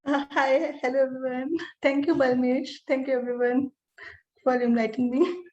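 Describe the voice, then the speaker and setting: A woman's voice: high-pitched, flat delivery, normal speed, a little mellow, lo-fi sound. A woman who teaches yoga, speaking as a guest on a video call, hesitant with many fillers. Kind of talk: casual guest greeting.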